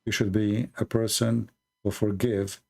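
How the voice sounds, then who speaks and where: A man hosting a live call-in stream, earnestly explaining religious ideas with pauses and fillers. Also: on the low side, level tone, gravelly, mellow.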